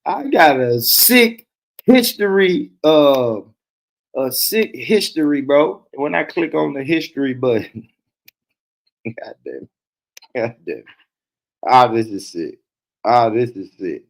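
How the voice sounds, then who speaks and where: Man, gravelly, loose profane stream talk, laughing often. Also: mid-range voice, animated, takes it slowly, pauses often. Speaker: host. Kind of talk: casual commentary livestream.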